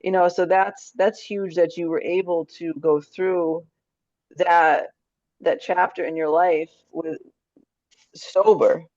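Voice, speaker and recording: A woman's voice: fairly low pitch, fairly even intonation, slow pace, a little mellow, no echo. Affirming woman host, dull dry sound. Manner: reflective and affirming. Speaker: podcast host. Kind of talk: conversational interview.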